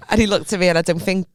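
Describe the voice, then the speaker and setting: A young woman, co-hosting a podcast and telling a story with lively acted-out reactions. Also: fairly low pitch, no echo, clean studio sound. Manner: animated storyteller, acts out her own reactions. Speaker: podcast co-host. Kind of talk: casual chat.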